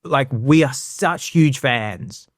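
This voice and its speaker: A man's voice: medium pitch, takes it slowly, dry recording, clean studio sound. A man co-hosting a podcast, chatting casually and animatedly, often acting out other people in silly voices. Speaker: podcast co-host. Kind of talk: casual comedic chat.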